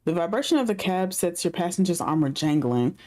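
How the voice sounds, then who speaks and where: A woman's voice: on the low side, animated, brisk, warm tone. A woman game streamer reading the story narration aloud, breaking off into chatty asides full of fillers.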